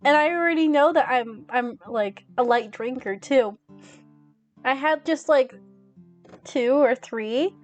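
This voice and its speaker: Giggly high-voiced young woman streamer. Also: takes it slowly, faint music behind. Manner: giggly, laughs constantly. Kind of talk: casual chat with viewers.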